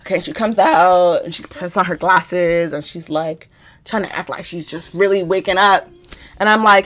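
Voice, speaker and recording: In a lowish voice at a moderate pace, the young adult woman hosting this podcast tells a story casually and with animation. She curses freely and performs what people said.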